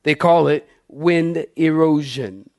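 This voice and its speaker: A male pastor delivering a sermon in a fairly high-pitched voice. He preaches emphatically and keeps calling on his congregation to answer him. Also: slow, darkish tone.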